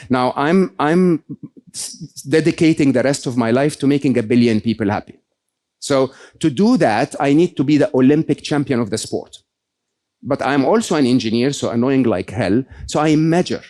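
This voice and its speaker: Mellow-voiced man giving a motivational talk. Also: medium pitch. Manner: conversational, often checks in with "okay?" and "right?". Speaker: keynote speaker. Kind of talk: motivational talk to a live audience.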